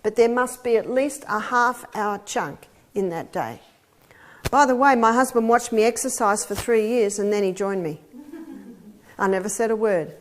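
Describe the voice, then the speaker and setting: A woman's voice: on the high side, moderate pace. A woman health teacher giving a lecture to an audience, telling stories with laughs and acted-out quotes.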